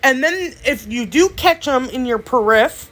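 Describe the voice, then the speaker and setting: A woman's voice: high-pitched, unhurried. A young woman, chatting casually as a nail artist, telling stories and giving tips. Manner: animated storytelling, chatty, swears. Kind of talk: casual rant and tutorial chat.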